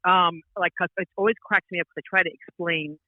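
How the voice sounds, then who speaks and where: A woman's voice: on the low side, fairly quick, no room sound. Woman comedian on a tinny phone line. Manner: rambling, animated storytelling with frequent restarts and laughs. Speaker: comedian guest. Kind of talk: casual podcast chat.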